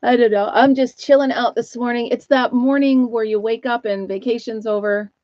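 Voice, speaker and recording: Hosting her live knitting chat from home, an older retired woman talks in a rambling, casual way with frequent laughter. Her voice sits on the high side, steady and somewhat dark, at a moderate pace, captured in a dull, lo-fi, dry recording.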